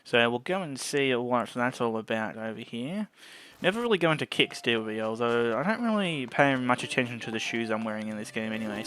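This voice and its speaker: A man's voice: mid-range voice, expressive, moderate pace, fairly bright tone, faint music behind. Chatty man narrating his gameplay. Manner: chatty, often trips over his words. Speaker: gameplay video host. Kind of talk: casual let's-play commentary. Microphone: desk microphone.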